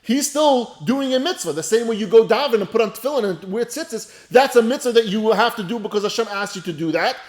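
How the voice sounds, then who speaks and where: A man's voice: sits high, animated, brisk, hardly any pauses. A man, a rabbi teaching a Torah class, who reads a line of Hebrew and then translates and explains it in a casual, conversational way. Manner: conversational and repetitive, speaks straight to listeners.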